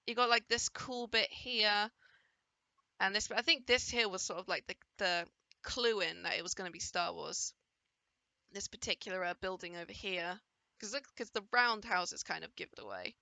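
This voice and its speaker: A woman's voice: mid-range voice, sharp tone, no room sound. A woman giving casual, enthusiastic commentary over a game trailer, now and then playfully voicing the characters she sees. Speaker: gaming video creator reacting to a trailer.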